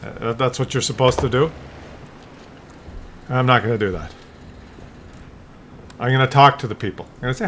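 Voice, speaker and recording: A man's voice: mid-range voice, moderate pace, long pauses, fairly bright tone, slight background noise. An older man talking in a loose, rambling monologue, often restarting words and acting out little scenes. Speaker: vlogger.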